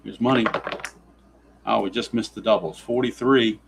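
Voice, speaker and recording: A man's voice: lowish voice, fairly even intonation, moderate pace, vocal fry, slight background noise, poor audio. A man narrating a tabletop baseball simulation in play-by-play style, grumbling with sarcastic exasperation at the dice.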